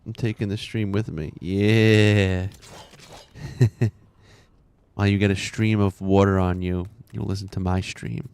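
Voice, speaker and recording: A man's voice: low voice, flat delivery, a little slow, pauses often, darkish tone, smooth. A man in his thirties chatting casually while streaming a game, rambling, laughing often and muttering to himself.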